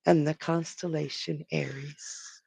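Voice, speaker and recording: Live stream storyteller telling a myth, slow and gravelly, dry close sound. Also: mid-range voice, steady tone, darkish tone, no room sound. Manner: slow, dramatic, with pauses and restarts.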